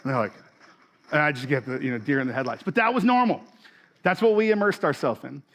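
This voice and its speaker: A man's voice: on the high side, quick pace, a bit bright, a little hiss or hum. Conversational man preaching a sermon. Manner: conversational, many fillers and restarts. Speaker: pastor.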